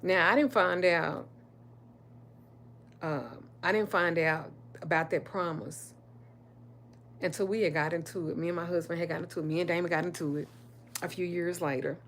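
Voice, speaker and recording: A middle-aged woman with a drawl, speaking a touch lower than most women. She tells personal stories on a casual livestream, candid and emphatic, and swears freely. A faint hum sits under her voice. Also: steady tone, normal speed, long pauses, fairly bright tone. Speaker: spiritual reader and livestream host.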